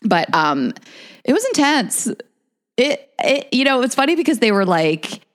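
A woman's voice: fairly high pitch, sing-song, a little slow. A woman co-hosting a podcast, telling stories in blunt, playful, chatty talk. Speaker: podcast co-host. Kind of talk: casual chat.

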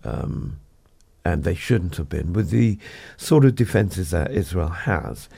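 A man co-hosting a breakfast radio show, reading the news and then discussing it in a measured, deliberate way in a studio. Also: sits low, big pitch swings, vocal fry, dark tone, breathy edge. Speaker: radio co-host and newsreader.

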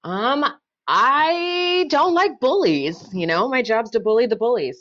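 A woman's voice: fairly high pitch, lively intonation, unhurried, fairly bright tone, highs cut off. A woman public defender speaking casually and candidly in a podcast interview, with many fillers.

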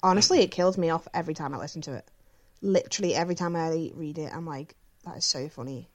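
A woman co-hosting a casual podcast chat. She speaks in a slightly low voice and answers listener questions bluntly. She swears freely and fills her sentences with "like" and "um". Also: fast talker. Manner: frank and sweary, many fillers like "like" and "um".

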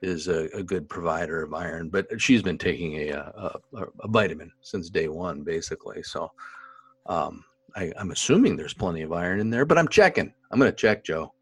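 A man's voice: deep voice, animated, a little fast, husky, no room sound. A man co-hosting a podcast, chatting casually and animatedly with his co-host, laughing often. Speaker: podcast co-host, expectant father. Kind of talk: casual chat.

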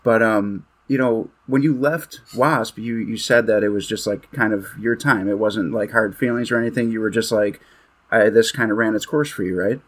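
A man's voice: fairly low pitch, steady tone, moderate pace, breathy edge. A man hosting a casual interview, talking like an eager fan with lots of "like" fillers. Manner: enthusiastic fan, many "like" fillers. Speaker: podcast host.

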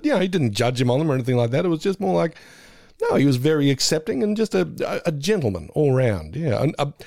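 Animated middle-aged man chatting on a podcast. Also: medium pitch, dry recording, studio quality. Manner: animated, laughs often, chatty digressions. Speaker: podcast co-host. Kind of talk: casual chat reviewing an episode.

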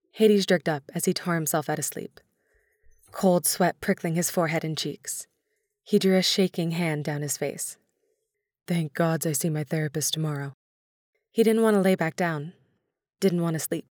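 Gentle woman narrator, lowish voice, dry close recording. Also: no room sound. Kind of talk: storybook narration.

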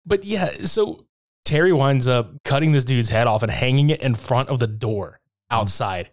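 A man in casual chat, recapping a horror film with lots of swearing and laughter, acting out lines in quick impressions. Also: medium pitch, expressive. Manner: profane, laughing, acts out scenes in quick impressions. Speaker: podcast co-host recapping a film.

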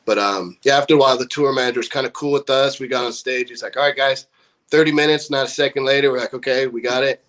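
A man's voice: medium pitch, fast talker. A young man from California in a band, casually telling a story full of swearing and acted-out quotes. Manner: profane, animated storyteller acting out quotes. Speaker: band member.

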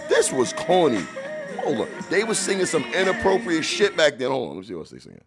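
A man hosting a podcast, reacting to old videos in blunt, profane casual chat, laughing loudly as he jokes, into a studio mic. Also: a little high, wildly swooping pitch, quick pace, creaky, music in the background. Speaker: podcast host.

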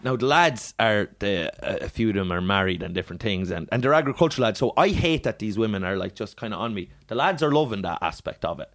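A man's voice: on the low side, expressive, fast, hardly any pauses, fairly bright tone. Rambling, cursing Irish man telling stories. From Ireland. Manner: rambling storyteller, swears freely, laughs often. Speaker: comedian guest. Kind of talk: casual podcast chat.

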